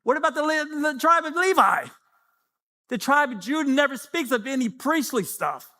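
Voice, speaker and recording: A man in his fifties delivers a lively sermon in a notably high voice. His tone is bright and forceful, and he keeps acting out short exchanges in prayer. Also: normal speed. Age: 50s. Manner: animated preaching, acting out prayers and dialogues. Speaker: pastor.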